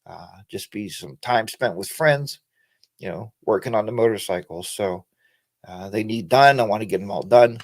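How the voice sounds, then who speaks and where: Speaking at normal speed in a fairly low voice, a middle-aged American motorcycle host rambles through a casual live-stream chat, leaning on fillers and frequently starting over.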